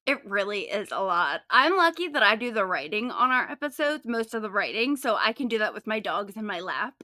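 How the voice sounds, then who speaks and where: Bright, upbeat woman podcaster. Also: mid-range voice, sing-song, fairly quick, no echo, clean studio sound. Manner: upbeat, chatty storytelling with casual swearing. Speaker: podcast co-host and case writer. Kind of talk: casual true-crime podcast chat.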